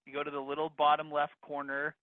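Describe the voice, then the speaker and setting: A man teaching a live online real estate course, energetic and upbeat, talking straight to the attendees. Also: fairly high pitch, fast talker, dry recording. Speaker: real estate investing instructor. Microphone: video call. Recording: dry phone-like video call audio.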